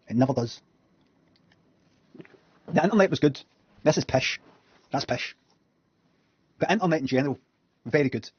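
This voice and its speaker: A man's voice: medium pitch, breathy edge, dry recording, muffled recording. A Scottish man streaming at his computer, reacting to videos with blunt, sweary, sardonic commentary. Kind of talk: casual live commentary. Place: indoors at a computer.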